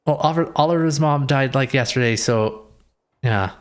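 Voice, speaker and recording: A man's voice: medium pitch, normal speed. A man giving wry, offhand commentary as he streams a game. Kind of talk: casual gameplay commentary.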